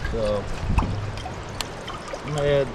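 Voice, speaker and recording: This volunteer vlogger talks slowly at a medium pitch while standing outside next to his truck. The recording is very noisy, and he wanders through his story to the camera with plenty of fillers.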